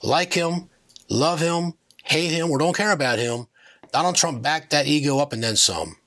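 A man's voice: a little high, normal speed, a bit bright. A man hosting his own political commentary channel, talking in a combative, digressive rant that keeps circling back on itself. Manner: combative, digressive, self-correcting.

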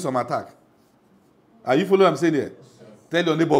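A man's voice: fairly high pitch, fast. A middle-aged Nigerian man preaching a sermon as pastor, emphatic, often asking the congregation if they follow.

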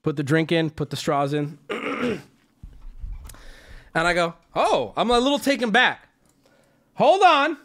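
A young adult man streaming, telling a story to his chat in a casual, swearing way, jumping into high yelps when he quotes himself. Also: animated, a little slow, gravelly, pauses often, fairly bright tone.

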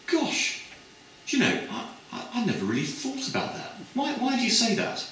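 A man voicing a surprised young woman postgraduate who is easily swayed, speaking breathlessly in a high register. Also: wildly swooping pitch, normal speed, sharp tone, slight background noise, full character voice. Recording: echoey hall from a distant mic.

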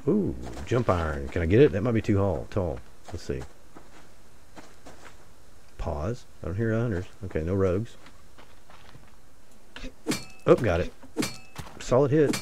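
Deep-voiced man rambling over gameplay. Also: big pitch swings, unhurried, long pauses, noisy background. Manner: rambling, jokey, mutters asides to viewers. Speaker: gaming channel host. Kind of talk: casual solo gameplay commentary.

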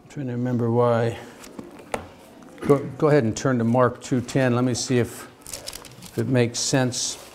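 A man teaching a theology class, talking in a halting way with many restarts and fillers and asking the class questions. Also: medium pitch, flat delivery, a little mellow, slight background noise. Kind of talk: classroom lecture.

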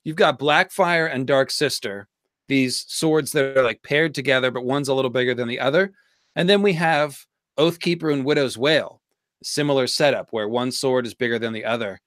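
A man's voice: mid-range voice, moderate pace, fairly bright tone, no room sound, clean studio sound. A man co-hosting a casual livestream chat, talking with enthusiasm and building theories. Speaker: co-host of a fan discussion livestream.

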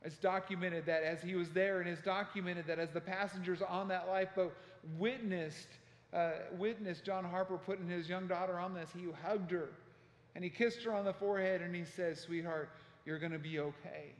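A man preaching a sermon as pastor, telling a story with passion and acting out shouted quotes. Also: high-pitched, steady tone, moderate pace. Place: church sanctuary. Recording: echoey church hall.

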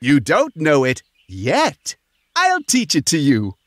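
A woman's voice: low-pitched, wildly swooping pitch, slow, no room sound, studio quality, exaggerated voice. A woman voicing a cheerful male frog who leads a children's sing-along in a preschool video. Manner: cheerful, teacherly. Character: friendly male frog song leader. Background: music.

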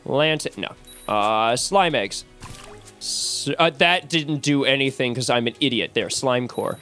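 A woman playing a video game and commentating, excitable, swearing and shrieking. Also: rumbling low, measured pace. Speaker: gamer. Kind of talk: let's play commentary. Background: game music.

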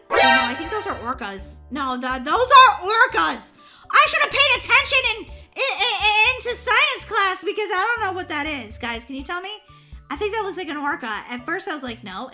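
A woman voicing a bubbly, excitable young girl in a roleplay voiceover, full of squeals and giggly exclamations. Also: extremely high pitch, full character voice. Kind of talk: roleplay voiceover for a block-game video.

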